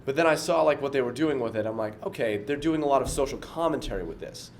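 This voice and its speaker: A young man co-hosting a podcast in casual chat, quick and joking. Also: mid-range voice, lively intonation, slight background noise. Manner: quick, joking, does mock voices. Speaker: podcast co-host.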